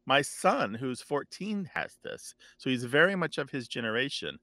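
A man explains points of language as a guest on a radio call-in show, talking animatedly and restarting his sentences often. His voice is bright and forceful, in a dry room. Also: mid-range voice, very animated, normal speed, no room sound.

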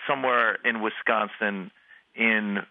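A male comedian chatting on the radio, halting and self-mocking, full of restarts. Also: lowish voice, fairly even intonation, gravelly, dry recording. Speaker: comedian and panelist. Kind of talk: casual radio interview chat. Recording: dry, phone-like line.

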